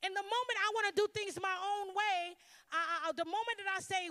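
High, bright-voiced woman preaching. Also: fairly even intonation, a little fast, big-room sound. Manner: emphatic, call-and-response with the congregation. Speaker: pastor. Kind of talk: sermon.

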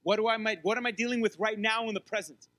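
A man preaching a sermon with emphatic, repetitive phrasing that swings between strong appeals and soft, quiet passages. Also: high-pitched, very fast, no echo. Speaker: pastor.

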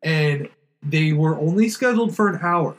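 A man's voice: a little high, rough recording. A man in casual podcast chat, ranting bluntly and with lots of swearing. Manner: blunt, swearing complaints in a quick ranting flow.

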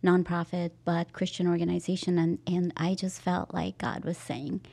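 A woman's voice: lowish voice, little pitch movement, normal speed, creaky, hardly any pauses, a little mellow, husky. A woman hosting a podcast, chatting candidly and laughing often. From Las Vegas area. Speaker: podcast host. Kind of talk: casual podcast chat. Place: podcast studio. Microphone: studio headphones and mic.

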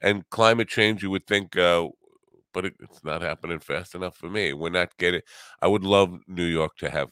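A man's voice: deep voice, normal speed, a bit bright, clear, resonant tone, no echo. A middle-aged man hosting a solo morning chat show, rambling with wry, teasing humor. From US Northeast. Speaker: podcast host.

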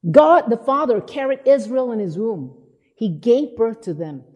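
Woman, sermon, husky voice, lively storytelling, long hall reverb. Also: on the high side, unhurried, muffled recording. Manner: animated storytelling, acting out quotes. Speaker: preacher.

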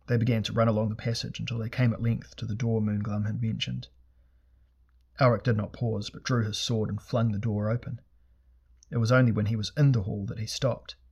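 A man reading a fantasy novel aloud in a measured, steady storytelling manner. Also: on the low side, creaky, husky, muffled recording. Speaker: audiobook narrator. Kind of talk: scripted fantasy narration.

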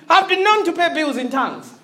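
High-pitched, lively African woman preacher, echoey church sound. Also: moderate pace. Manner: animated, laughing, calls out to the congregation. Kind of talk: sermon.

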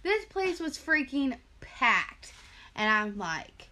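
A young woman co-hosting a casual chat show, telling stories in an animated, profane way. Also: fairly high pitch, measured pace, slight background noise. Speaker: podcast co-host.

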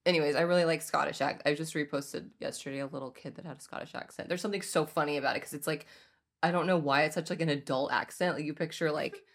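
A woman's voice: sits low, fairly even intonation, fast. A woman in her twenties chatting casually as co-host, giggling often and filling her talk with "like". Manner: giggly, chatty, lots of filler likes. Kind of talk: casual chat.

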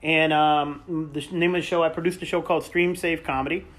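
A man's voice: fairly high pitch, little pitch movement, fairly quick, fairly bright tone. A man hosting a podcast, chatting casually and teasing his guest with plenty of swearing. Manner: easygoing, profane, teasing. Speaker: podcast host. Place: friend's home.

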